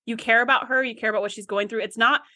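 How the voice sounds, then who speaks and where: Woman, podcast co-host, bright tense tone, dry close sound, chatty casual talk. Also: on the high side, steady tone, fast talker, no room sound. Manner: chatty, reflective, agreeable. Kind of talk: casual chat.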